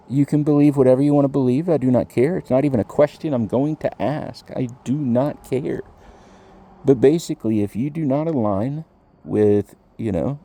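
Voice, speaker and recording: A man's voice: mid-range voice, dark tone, no room sound. A young man ranting casually in a rambling, profane way, laughing now and then. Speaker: commentator.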